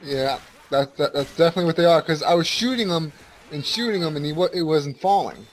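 A man playing a co-op game, excited and swearing a lot. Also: on the high side, a little fast, slight background noise. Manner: swearing, exclamatory. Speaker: gamer. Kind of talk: excited co-op let's play chat.

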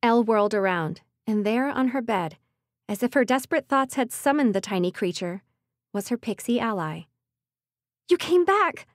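Steady female audiobook narrator. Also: fairly high pitch, normal speed, no room sound, studio quality. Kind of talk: scripted narration.

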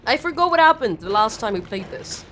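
A young woman streamer talks through a game live in a bright, high voice. Her pitch leaps wildly as she yelps at scares, then sinks into low, cursing mutters. The delivery is jumpy and loose. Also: very animated, fairly quick, a little hiss or hum. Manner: jumpy and swearing, swings from shrieks to mumbles. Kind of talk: live gameplay commentary.

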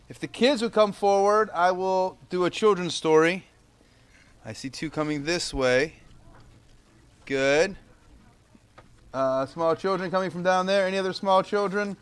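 A man in his thirties, a pastor, giving a children's sermon at an outdoor church service and telling stories in a lively way. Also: sits high, unhurried, long pauses, clean tone. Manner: lively storytelling with acted-out quotes.

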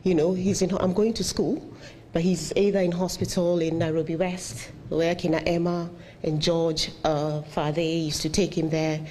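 Woman giving a low-voiced halting eulogy. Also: flat delivery, warm tone, a little hiss or hum. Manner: halting, many fillers, heartfelt. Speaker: eulogy speaker. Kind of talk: memorial tribute speech.

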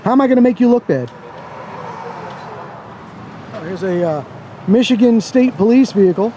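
A man's voice: high voice, animated, normal speed, mellow, slight background noise. A man filming outdoors as a First Amendment auditor, giving blunt, sarcastic, casual commentary to his camera with some swearing. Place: outdoors by a parking lot.

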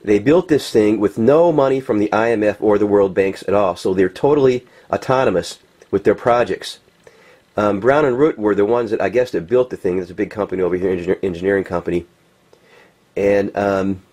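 A man giving impassioned, rambling commentary while showing pictures, swearing and filling pauses with ums and uhs. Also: fairly low pitch, darkish tone. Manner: heated, rambling, swearing, many fillers. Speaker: political commentator.

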